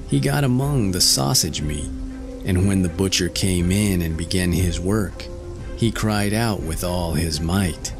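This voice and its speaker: A man narrating a classic fairy tale in a slow, measured storytelling manner. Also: low-pitched. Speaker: audiobook narrator.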